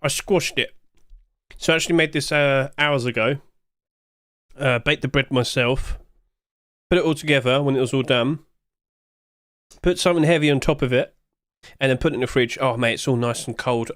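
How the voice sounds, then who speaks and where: A man's voice: medium pitch, moderate pace, pauses often, a bit bright, dry recording. A British man talks casually to his stream chat in a chatty, joking way, with a voice of middle height. His voice is close and dry, with no room sound around it. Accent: British English.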